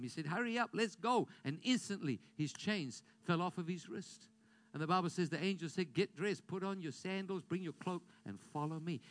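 A man's voice: high voice, fairly bright tone, no room sound. A man preaching a sermon as pastor, emphatic and repetitive, leading his congregation in call-and-response.

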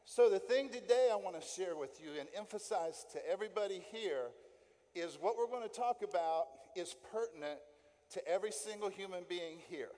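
A man's voice: high-pitched, lively intonation, moderate pace, mellow. A middle-aged man filling in as a lay preacher, giving an emphatic sermon that he keeps punctuating with "right?" and repeated key points. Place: church sanctuary. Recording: long church reverb.

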